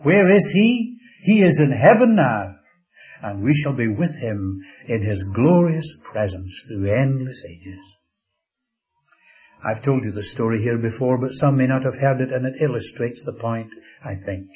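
A man's voice: mid-range voice, lively intonation. Older man preaching a sermon, dull recording. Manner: slow, dramatic storytelling with soft drops to a hush.

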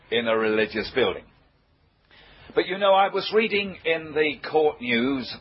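An older man, preaching a sermon and telling anecdotes with frequent chuckles. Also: mid-range voice. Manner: slow, chuckling storyteller. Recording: muffled old recording with faint hiss.

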